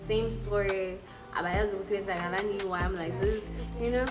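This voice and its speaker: A woman's voice: mid-range voice, steady tone, a little fast. A young adult woman, telling a personal story in a candid, emotional vlog, with lots of 'like' and 'you know'. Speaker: vlogger. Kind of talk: storytime vlog, casual chat. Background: background music.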